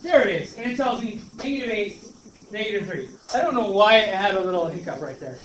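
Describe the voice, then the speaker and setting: A man with a Brooklyn accent teaching a math class, talking in an animated way and calling the students guys. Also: sits high, a little fast, slight background noise. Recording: echoey, distant, dull classroom recording.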